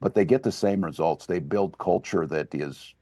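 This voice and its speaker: An excitable older man with a very low voice, telling stories in a relaxed chat. His voice is dry and close, with no room sound. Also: normal speed, no room sound. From Minnesota. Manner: excitable, storytelling, laughs easily. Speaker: governor and guest. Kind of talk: casual chat.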